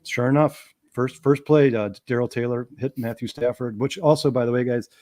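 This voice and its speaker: A man co-hosting a casual sports talk show, excitable and quick to repeat himself. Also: mid-range voice.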